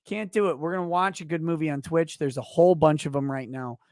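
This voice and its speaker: A man hosting a casual livestream, reading viewer donations aloud in a loud, profane, ranting way that swings between shouting and muttering, a little tipsy. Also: a little high, quick pace, no echo, studio quality.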